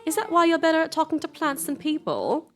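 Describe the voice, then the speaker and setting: A sulky, sarcastic teenage girl, voiced by a woman streamer. She drawls her complaints with a higher, lighter voice, and faint game music plays underneath. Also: sing-song, brisk.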